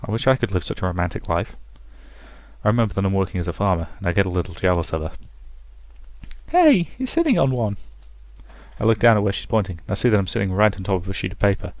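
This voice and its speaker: A man hosting a let's play, reading the game's text aloud in a casual, expressive way and adding his own comments. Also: low voice, very fast, no echo.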